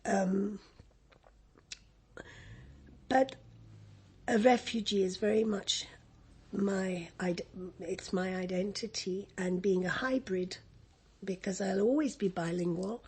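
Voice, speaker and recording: A woman's voice: mid-range voice, unhurried, darkish tone, slightly rough. An older woman from Egypt with an English accent, reminiscing in an interview, rambling and laughing often with many restarts.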